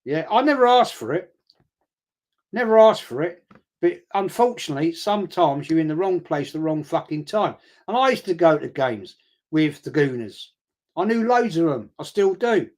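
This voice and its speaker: A man's voice: fairly high pitch, animated, moderate pace, darkish tone. An older man talks in a slightly raised voice. He hosts a casual football watch-along, telling blunt, sweary stories and squaring up to his critics. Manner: blunt, sweary, confrontational storytelling. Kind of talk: casual live-stream chat.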